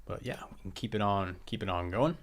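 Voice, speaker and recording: A man giving casual live-stream feedback on listeners' tracks as a music producer, relaxed and loose, often saying "like" and laughing at himself. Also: fairly low pitch, a little fast.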